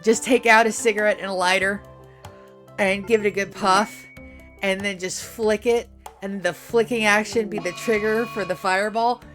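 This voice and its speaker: A woman's voice: mid-range voice, moderate pace, faint music behind. A woman streamer chatting casually while playing a game, telling rambling, profane stories about running tabletop games. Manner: rambling, profane, animated storytelling.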